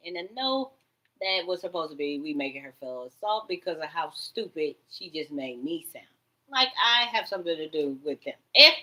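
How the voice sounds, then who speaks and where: A woman vlogging in a rambling monologue, swinging between loud outbursts and low mutters, and swearing freely. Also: sing-song, moderate pace, poor audio.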